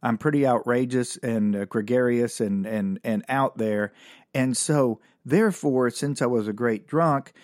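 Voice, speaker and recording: A middle-aged man spins a comic story in a loose, rambling way, making fun of himself, breaking into chuckles and tossing in casual swearing. His voice sits at an ordinary pitch and sounds close and dry, with no room around it. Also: a little slow, a little mellow, no room sound. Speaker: podcast host and storyteller.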